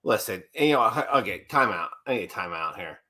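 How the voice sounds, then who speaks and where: A man with a bright, forceful voice chats on a casual livestream. He is blunt and swears freely, ranting when something annoys him. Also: lowish voice, animated, brisk. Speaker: co-host.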